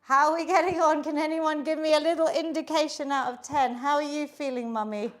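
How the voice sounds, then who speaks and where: Speaking a touch fast in a high, steady voice, a woman runs an online workout and cheers participants on while counting down reps. She's slightly winded from exercising, and the audio comes from a video call setup.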